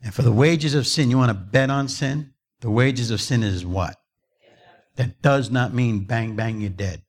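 Male preacher, middle-aged, rough husky voice, storyteller. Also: mid-range voice, a little slow. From New Jersey. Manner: storytelling, rising to fervent emphasis. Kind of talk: sermon.

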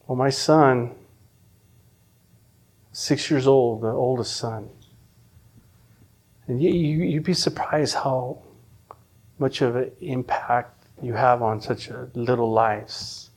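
A middle-aged man telling his personal faith testimony, earnest and emotional, often restarting his sentences and dropping from loud to hushed. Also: mid-range voice, steady tone, slow pace, long pauses. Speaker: testimony speaker.

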